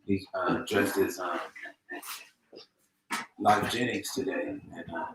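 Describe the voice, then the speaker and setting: A comedy host with a Los Angeles accent trades loud, profane, teasing banter, his voice gravelly and bright. He sounds set back from the microphone in an echoey room. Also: low-pitched, fairly even intonation, slow, recorded from a distance, background noise. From Lynwood, Los Angeles.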